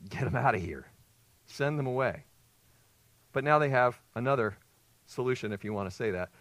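A man's voice: mid-range voice, a bit bright, no room sound. A male pastor preaching an expository sermon, emphatic and putting rhetorical questions to his congregation.

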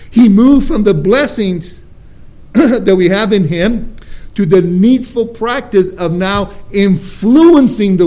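A man with a notably high voice delivers a sermon in a church. He preaches emphatically, slowing down to stress words and asking rhetorical questions. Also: a little mellow. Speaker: pastor.

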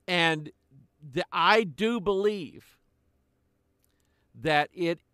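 Older male preacher, slow, measured delivery, higher-pitched voice, dry close sound. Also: bright, forceful tone, clean tone, no echo. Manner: slow, deliberate preaching with pauses. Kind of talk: sermon.

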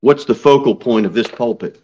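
A male pastor preaching a sermon from the pulpit, reading scripture and pressing his points with slow, emphatic stresses and sudden raised peaks. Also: medium pitch, mellow, highs cut off. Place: church sanctuary, at the pulpit.

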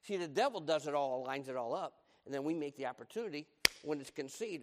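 A man's voice: fairly high pitch, lively intonation, fast, darkish tone. An older man preaching a sermon, emphatic and repeating his key lines. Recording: long hall reverb.

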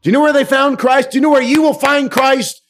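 Brief: middle-aged male preacher with a high voice, fervent, hush-to-loud sermon delivery. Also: fairly even intonation, fairly quick. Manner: fervent, swings from hushed to loud.

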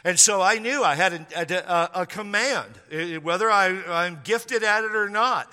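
A man's voice: high-pitched, unhurried, sharp tone, smooth. A man in his fifties, a pastor telling a rambling, conversational story to his congregation, with frequent restarts and playful asides. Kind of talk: storytelling sermon. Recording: long hall reverb.

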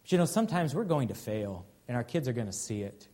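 A man's voice: mid-range voice, very animated, fast talker, darkish tone. Earnest man preaching a sermon. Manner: earnest, conversational preaching with frequent "okay?" asides. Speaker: pastor.

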